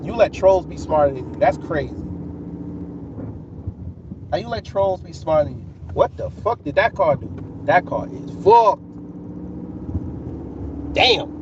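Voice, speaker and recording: Ny guy roasting his chat, mocking and calm-menacing, kinda high voice, far off a dull mic. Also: moderate pace, long pauses. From New York City. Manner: taunting, mocking, calmly menacing. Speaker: livestream host answering chat. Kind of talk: casual live-stream roasting. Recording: distant, dull lo-fi mic with clear background noise.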